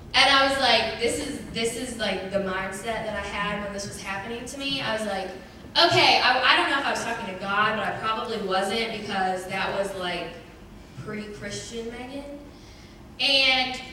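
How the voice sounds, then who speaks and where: A young woman sharing a personal testimony with a church congregation, chatty and animated, with many "like" fillers. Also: a little high. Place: church hall. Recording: very echoey church hall, distant mic, faint noise.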